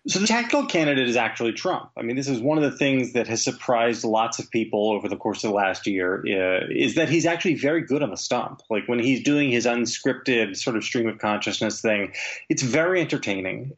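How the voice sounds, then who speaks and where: A man speaking as a guest writer over a video call from home, giving candid, wry political analysis with plenty of fillers. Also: medium pitch. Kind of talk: remote podcast interview. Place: home, remote. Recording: dull lo-fi call audio.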